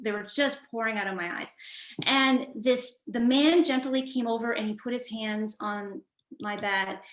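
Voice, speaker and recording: A woman's voice: fairly high pitch, fairly bright tone, echoey room. A woman coach telling a personal story in a conversational, reflective way, with frequent fillers and restarts. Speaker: guest coach.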